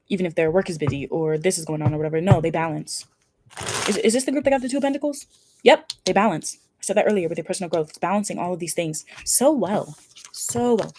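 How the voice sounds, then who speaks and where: A woman's voice: medium pitch, darkish tone, a little hiss or hum. A woman giving a casual pick-a-card tarot reading, effusive and emphatic, with casual swearing. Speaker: tarot reader.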